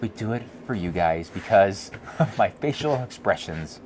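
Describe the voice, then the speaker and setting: Man, podcast co-host, lively chat, laughs a lot, animated storytelling, faint background hiss. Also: on the low side, normal speed. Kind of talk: casual chat reading viewer comments.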